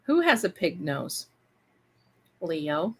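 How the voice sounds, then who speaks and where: A woman's voice: on the low side, very animated, takes it slowly, slightly rough. A woman hosting a casual livestream, chatting and rambling to her viewers. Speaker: live-stream host.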